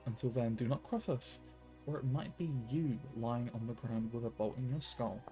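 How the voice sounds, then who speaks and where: A male streamer with a mellow, mid-pitched voice, reading a story game's lines aloud and chatting offhandedly between them. Faint music plays underneath. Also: normal speed. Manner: casual, offhand. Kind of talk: live game stream commentary.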